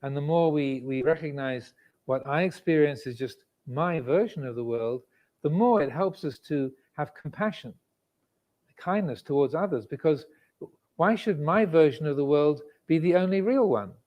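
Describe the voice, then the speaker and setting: Monk in his 60s, dharma talk, unhurried and reflective, pauses often, voice a bit high. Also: lively intonation, dull audio. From England. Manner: measured, reflective, pauses with frequent fillers. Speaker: Buddhist monk teacher. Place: indoor meditation hall with cameras and air conditioning.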